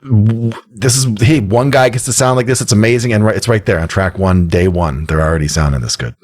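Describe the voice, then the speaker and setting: A man co-hosting a podcast, talking with jokey enthusiasm and animated storytelling about a punk band. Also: lowish voice, brisk. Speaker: podcast co-host. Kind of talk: casual record-review chat.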